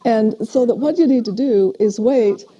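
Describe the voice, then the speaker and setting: An older woman, a parent educator, giving a steady, explanatory lecture on parenting in a recorded talk. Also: a little high, normal speed, slightly rough. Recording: dull lo-fi video playback.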